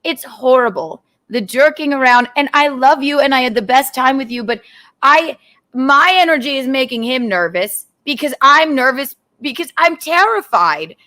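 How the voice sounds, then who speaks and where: A woman's voice: sits high, animated, normal speed, sharp tone. Exasperated woman teasing her partner. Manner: exasperated, teasing, laughing complaints. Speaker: host's partner. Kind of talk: casual teasing chat.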